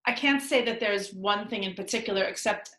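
A woman's voice: medium pitch, a little fast, a bit bright, echoey room, low-quality recording. A middle-aged woman with a nasal voice, a divorce lawyer and coach answering interview questions in a chatty, upbeat way, laughing often and using many fillers.

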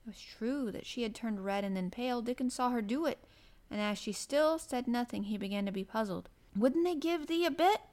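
Woman reading a children's book out loud, gentle storybook narration, somewhat high voice. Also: brisk.

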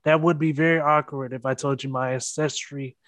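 A man's voice: on the high side, fairly even intonation, fairly quick, background noise. Joking podcast host guy. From South Carolina. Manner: joking, easygoing. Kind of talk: casual chat.

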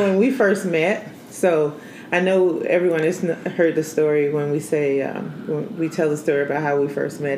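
A woman with a Southern US accent, co-hosting a podcast in casual chat, animated and quick to laugh. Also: sits low. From Alabama, US. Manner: animated, laughs often, jumps between topics. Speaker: podcast co-host. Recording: roomy echo, faint noise.

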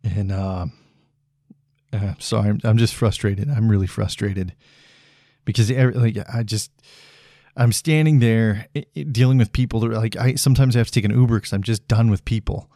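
Man, 30s, solo podcast host, low voice, dry close sound, blunt, frustrated, swearing, halting restarts. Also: steady tone, dark tone, no room sound.

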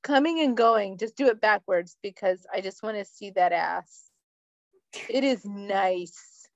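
A woman's voice: mid-range voice, a little slow, dry recording, dull audio. A woman co-hosting a podcast, telling stories in casual chat, swearing freely and laughing as she talks. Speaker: podcast co-host.

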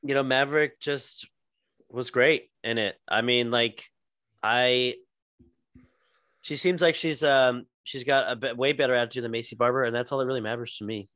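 A man's voice: medium pitch, fairly even intonation, normal speed, a bit bright, no echo. A man co-hosting a podcast in casual chat, rambling with many ums and restarts. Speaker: podcast co-host.

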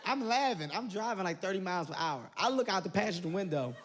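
A man doing stand-up comedy, telling an animated story and acting out voices, laughing as he goes. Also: high-pitched, fast. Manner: excitable, animated, breaks into laughter, acts out voices. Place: large venue with live audience. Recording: live show with loud crowd noise.

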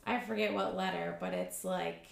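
A woman's voice: fairly low pitch, steady tone, normal speed, vocal fry, echoey room, crowd noise. A woman co-hosting a podcast, chatting casually and asking follow-up questions. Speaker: podcast co-host. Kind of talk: casual chat.

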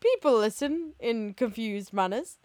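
A woman's voice: on the high side, animated, a little slow, a little mellow, no room sound. Bubbly young woman, jokey. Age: young adult. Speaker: podcast co-host. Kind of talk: casual banter podcast.

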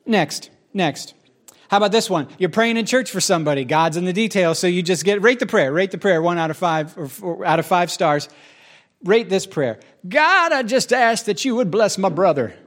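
A man's voice: high voice, normal speed. A man preaching a sermon in a conversational, joking way, with asides to the audience.

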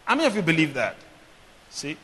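A man preaching a sermon as pastor, leading call-and-response and swinging between loud proclamation and quiet teaching. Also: fairly high pitch, huge pitch swings, a little fast, in a large hall.

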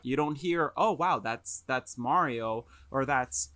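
A man's voice: medium pitch, slow pace, no room sound. A young man on a gaming podcast, talking casually and animatedly with frequent restarts. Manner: animated, stammers and restarts, mimics lines in quotes. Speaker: podcast co-host or guest. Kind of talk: casual chat.

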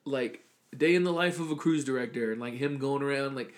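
A man's voice: mid-range voice, fairly quick. A young man co-hosting a podcast, chatting casually and rambling with lots of fillers. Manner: rambling, heavy use of "like", animated storytelling. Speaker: podcast co-host. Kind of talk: casual chat.

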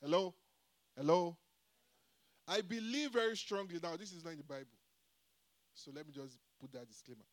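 A man with a high-sitting voice preaches an emphatic sermon at normal speed with long pauses. He keeps calling out "Hello?" to the congregation for a response, swinging in loudness and pace.

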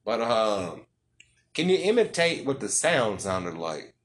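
A man with a lowish voice and a drawl hosts a casual podcast interview, rambling through jokes and cussing as he goes. A faint hum of ambience sits behind him. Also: big pitch swings, slow pace, a bit bright. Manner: joking, rambling, profane. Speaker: podcast host.

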